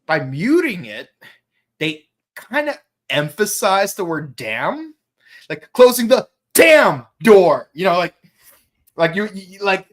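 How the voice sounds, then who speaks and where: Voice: mid-range voice, sing-song, takes it slowly. A co-host of a live fan review show, talking casually and rambling, with many restarts. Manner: rambling, full of restarts and sung quotes.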